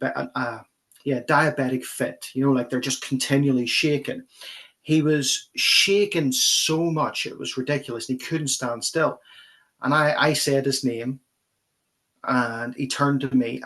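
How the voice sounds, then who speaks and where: A pastor, speaking at a mid-range pitch. He recounts a personal story in earnest, vivid detail as a guest on an interview show. His delivery is that of a middle-aged man talking plainly and sincerely. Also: fairly bright tone.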